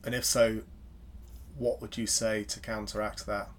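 A man's voice: fairly low pitch, level tone, a little slow. A man moderating a panel, asking brief questions and prompting the speakers.

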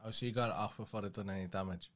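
A man's voice: fairly low pitch, steady tone, racing, fairly bright tone. A man, co-hosting a casual podcast, chipping in with short laid-back remarks. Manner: laid-back, chips in briefly. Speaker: podcast co-host. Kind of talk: casual chat.

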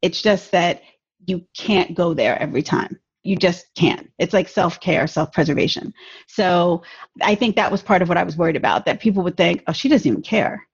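A woman in her forties, a podcast guest, talking in a measured, reflective way. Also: lowish voice, husky, lo-fi sound. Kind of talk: casual podcast conversation.

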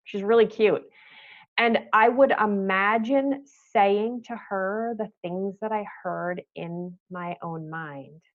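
A woman talks slowly and gently as a podcast guest, pausing often and restarting her thoughts. Her voice comes through a little dull and lo-fi, as if over a remote call. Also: medium pitch. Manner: soft-spoken, thoughtful, pauses and restarts. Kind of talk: podcast interview, reflective storytelling.

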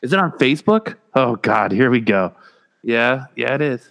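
A man's voice: medium pitch, normal speed, vocal fry. Profane, joking male podcast host. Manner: profane, animated storyteller who acts out quotes. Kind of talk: casual podcast banter.

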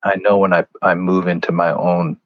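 A man's voice: low voice, fairly even intonation, moderate pace, no room sound, highs cut off. A man speaking as a guest in an earnest, conversational way, telling stories and acting out what others said. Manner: earnest, conversational, acts out quoted lines. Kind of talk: storytelling in a faith interview.

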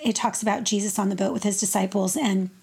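A woman's voice: mid-range voice, quick pace, gravelly. A woman worship leader in an earnest, casual devotional chat about faith. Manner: earnest, animated when retelling stories.

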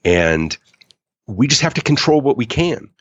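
A man talking as a guest in a podcast interview, emphatic and animated. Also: mid-range voice, unhurried, breathy edge, no echo, lo-fi sound. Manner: animated, emphatic, acts out quoted customers. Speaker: author and customer experience speaker, guest.

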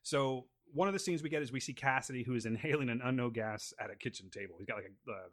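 Fast-talking and a touch bright, this medium-pitched man hosts a laid-back podcast. He rambles and cracks jokes in a casual chat that doubles as an episode breakdown of scenes from a show.

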